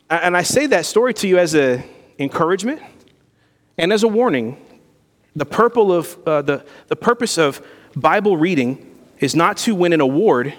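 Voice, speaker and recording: Pastor, male, fairly high voice, earnest conversational sermon with a long hall echo. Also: expressive, a little fast. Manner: earnest, conversational preaching with rising emphasis. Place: church sanctuary.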